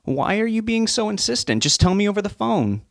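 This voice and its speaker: A man voicing an irritated, impatient adult son who talks in a sharp, exasperated way. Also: high-pitched, sing-song, brisk, vocal fry, no room sound, clean studio sound, pitched above the performer's own voice, exaggerated voice.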